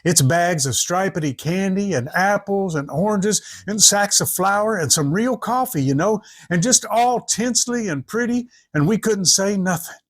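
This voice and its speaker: A man's voice: sits high, animated, moderate pace, hardly any pauses. A man, telling a folksy story in rural dialect and acting out each character's voice.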